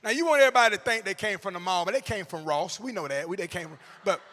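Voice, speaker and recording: A man in his forties giving an animated, comedic motivational speech to teachers, shouting punchlines and acting out characters. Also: sits high, fast. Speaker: motivational speaker. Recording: long echo of a big hall.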